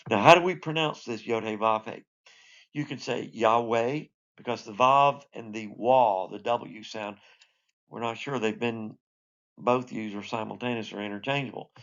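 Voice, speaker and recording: Low-voiced man teaching a Bible lesson. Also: a bit bright, lo-fi sound. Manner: conversational, explanatory, with restarts and asides. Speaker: Sunday school teacher.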